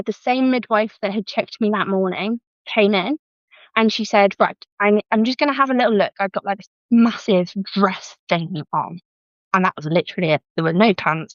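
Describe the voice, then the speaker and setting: In a mid-range voice at a moderate pace, a young British woman with a British English accent shares her birth story as a podcast guest. The dry close-mic recording is slightly muffled with no room sound, and she chats in a lively way, re-enacting others' words with "I was like".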